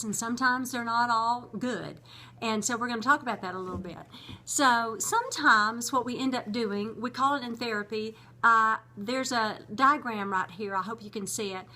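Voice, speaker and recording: Earnest woman host, bright voice. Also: on the high side. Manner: earnest, conversational, teaching. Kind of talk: casual vlog talk on relationships.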